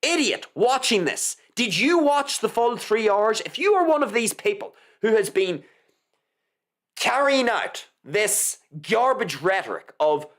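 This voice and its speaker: A woman's voice: a little high, big pitch swings, a little slow. A woman hosting a live commentary show, delivering a combative, scornful opinion monologue to her audience. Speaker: online commentator, show host.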